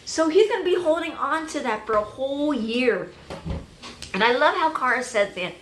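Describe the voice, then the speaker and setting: A woman giving an excited reaction review of a TV episode, gushing and thinking out loud as she goes. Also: high voice, normal speed, roomy sound, slight background noise.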